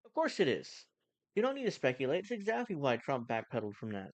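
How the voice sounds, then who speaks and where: A man's voice: mid-range voice, huge pitch swings, quick pace, dry recording, muffled recording. A man hosting a casual live stream, reacting to news clips with sarcastic, mocking rants. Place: home, cooking during stream.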